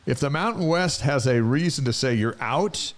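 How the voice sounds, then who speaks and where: A man's voice: medium pitch, lively intonation, moderate pace. A man co-hosting a casual chat show, easygoing, laughing often and reading out facts about the day. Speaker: co-host. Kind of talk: casual radio-style chat.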